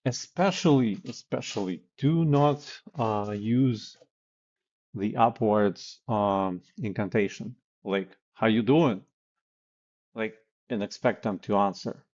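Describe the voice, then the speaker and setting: A man's voice: lowish voice, takes it slowly, darkish tone, lo-fi sound. A man coaching on sales calls in a blunt, casual way, with many fillers and acted example lines. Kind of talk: casual instructional talk.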